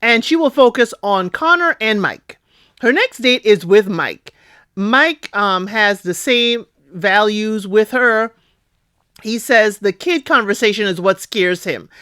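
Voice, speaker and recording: A woman recapping a reality show in a chatty, expressive way, often asking "okay?" and calling out to her listeners. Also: medium pitch, slow pace, smooth, no room sound, studio quality. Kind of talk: casual recap commentary.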